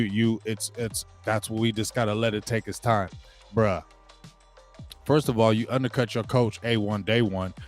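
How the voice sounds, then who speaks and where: A man hosting his own sports show, ranting in a heated, repetitive way, restarting words and mocking the people he quotes. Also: mid-range voice. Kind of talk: opinionated sports commentary rant.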